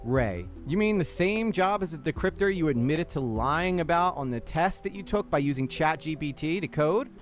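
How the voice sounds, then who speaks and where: A man's voice: on the high side, expressive, normal speed, hardly any pauses. A man streaming a casual reaction video, talking bluntly to his chat and swearing often.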